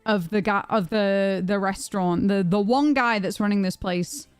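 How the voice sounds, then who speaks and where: A young British woman streaming, telling a story to her chat in a chatty, animated way with plenty of restarts. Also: medium pitch, moderate pace, smooth, dry recording, soft background music. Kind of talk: casual storytelling to a live chat.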